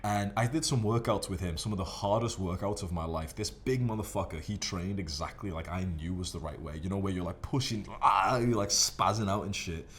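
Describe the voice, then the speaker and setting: Profane, rambling man with a lowish voice. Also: fairly quick, few pauses, slight background noise. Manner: profane, rambling, animated storytelling. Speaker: fitness vlogger. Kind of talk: casual monologue to camera.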